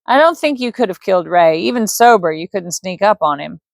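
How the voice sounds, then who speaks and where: Woman voicing a blunt tired wizard, her own everyday voice, flat questions. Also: mid-range voice, brisk, gravelly, no room sound.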